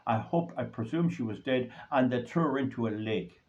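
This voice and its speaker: A man's voice: mid-range voice, expressive, normal speed, a little mellow. An Irish man hosting his own channel, delivering a rambling, indignant solo monologue that grows heated. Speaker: host of a commentary channel. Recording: dull lo-fi recording.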